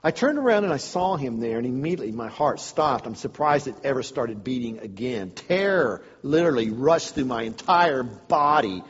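A man telling a humorous personal story to a live audience, swinging between loud outbursts and hushed asides. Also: medium pitch, sing-song, moderate pace, few pauses, slightly rough, long reverb tail, lo-fi sound.

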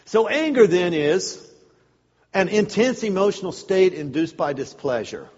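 A man gives a funny sermon-style talk, acting out stories with sarcastic asides. His voice is a little husky and swings widely in pitch. The sound is muffled, with a long echo in a large hall. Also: a little slow. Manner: storytelling, animated, sarcastic asides. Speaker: speaker at a men's church event.

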